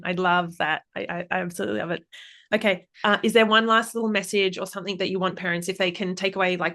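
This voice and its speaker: Enthusiastic woman podcast host, lowish voice. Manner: warm and enthusiastic, with frequent "um"s. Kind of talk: podcast conversation.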